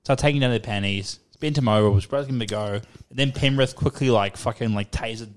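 A man's voice: mid-range voice, a little fast. A young New Zealand man with a mid-range voice co-hosts a casual podcast. He tells stories crudely and with lots of energy, swearing freely. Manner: crude, swears a lot, animated storytelling. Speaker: podcast co-host. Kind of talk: casual chat.

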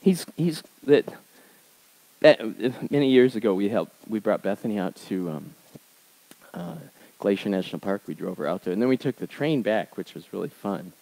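A male pastor tells stories through his sermon conversationally, swinging between emphatic raised passages and quiet, low asides. His intonation is lively and his pace moderate, and the recording is rough.

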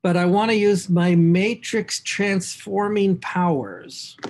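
This man sits high in pitch and speaks slowly, with a little hiss or hum on the recording. He's a math instructor in a recorded class lecture, talking to himself as he writes equations and stressing key words with animated emphasis.

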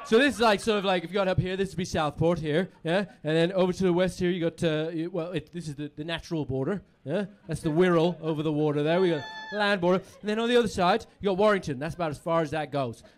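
A man doing stand-up crowd work on a comedy club stage, rowdy and sweary, building up to shouts. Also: high-pitched, quick pace, hardly any pauses.

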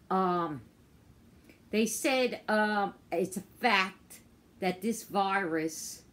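A woman ranting casually into her phone, frustrated and profane, halting with many fillers. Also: medium pitch, fairly bright tone. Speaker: vlogger. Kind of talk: casual rant to camera. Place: outdoors on a walk.

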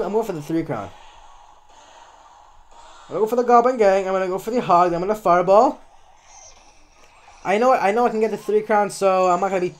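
A man giving casual live commentary on his own gameplay, chatty and often correcting himself as he talks through each move. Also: high-pitched.

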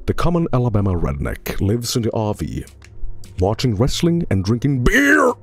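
A man voicing a grave male nature-documentary narrator in a deep, solemn, mock-serious way. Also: huge pitch swings, normal speed, slightly rough.

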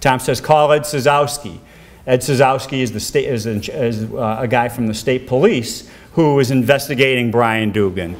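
An older man, a former defense lawyer telling a case story in a documentary interview, his pitch rising when he quotes others. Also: moderate pace, hardly any pauses.

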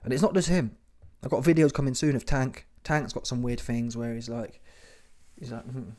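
Male host, mid-pitched, mocking slangy commentary full of "yeah?" tags. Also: fairly even intonation, moderate pace, warm tone. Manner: slangy, mocking, keeps tagging lines with "yeah?". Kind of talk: casual commentary.

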